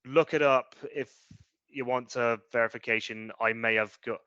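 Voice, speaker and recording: A man's voice: mid-range voice, fairly even intonation, normal speed, pushed and bright, clean tone, no room sound, muffled recording. A British man co-hosting a casual chat show, ranting in an opinionated way with British slang. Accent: British English. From Britain. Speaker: podcast co-host.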